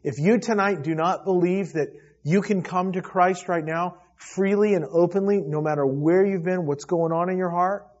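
A man preaching a sermon as pastor, swelling loud and then dropping to a hush. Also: sits high, moderate pace, few pauses, dull audio. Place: church service.

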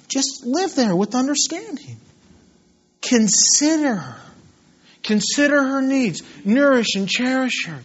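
A man in his thirties preaching a sermon, telling stories with lively acted-out shouts. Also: sits high, highs cut off. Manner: animated storytelling, acts out scenes with shouts.

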